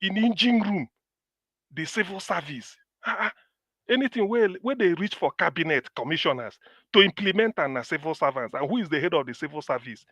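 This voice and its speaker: A man from Anambra speaking Nigerian Pidgin English in a heated political chat, animated and repeating himself for emphasis. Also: fairly high pitch, brisk, dry recording.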